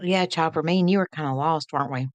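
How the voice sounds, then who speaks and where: A woman's voice: deep voice, quick pace, no echo. A woman, hosting a late-night live stream in a folksy, chatty way and greeting viewers by name.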